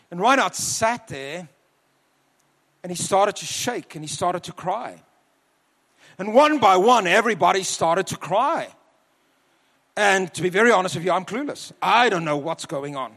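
A man with a high voice preaches to a church congregation, telling a story in a relaxed way and stretching out his words for emphasis. His voice rings through a large hall with a long reverb. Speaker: preacher, university leader. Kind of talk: sermon with personal story.

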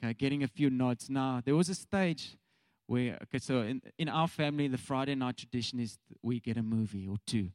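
A man's voice: mid-range voice, fairly quick, darkish tone, dry recording. A man in his thirties with a South African accent, preaching a casual, chatty sermon straight to the congregation. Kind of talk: conversational sermon.

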